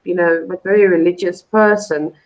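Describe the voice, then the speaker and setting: A woman's voice: fairly low pitch, fairly even intonation, normal speed, poor audio. Rambling woman telling a story. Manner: rambling, with many fillers and restarts. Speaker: guest. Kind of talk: casual storytelling. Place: live online show.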